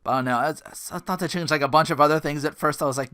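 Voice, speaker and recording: A man's voice: fairly high pitch, fast, pushed and bright, clean tone. A man hosting a solo podcast, rambling and joking at his own expense. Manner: rambling, self-mocking, laughs at own jokes. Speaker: podcast host.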